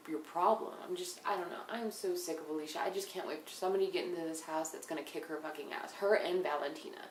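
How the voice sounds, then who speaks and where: A young woman recapping a reality show in a blunt, casual way, swearing often and sometimes dropping into hushed asides. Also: fairly low pitch, steady tone, quick pace, hardly any pauses. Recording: echoey room, faint background noise.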